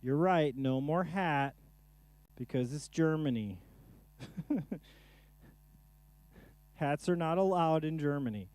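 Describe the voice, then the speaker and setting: A man's voice: on the high side, expressive, takes it slowly, pauses often, darkish tone, no echo. A man casually chatting to himself during a live music stream, rambling and joking while he troubleshoots his gear in a home studio.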